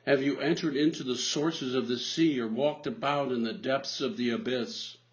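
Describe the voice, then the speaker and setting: A male preacher voicing a stern, all-powerful divine voice that fires off booming rhetorical challenges, on a dull lo-fi recording. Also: normal speed, lightly acted.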